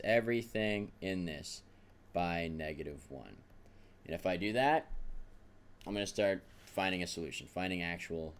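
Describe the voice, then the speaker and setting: A man teaching a math lesson, talking through the steps aloud in a casual, self-deprecating way. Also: low voice. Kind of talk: recorded math lesson at a whiteboard.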